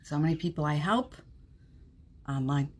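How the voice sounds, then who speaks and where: A woman hosting a live-streamed motivational podcast from home, chatting warmly, laughing often and reading viewer comments aloud. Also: low voice, moderate pace, slightly rough. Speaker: podcast host. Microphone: streaming setup at home.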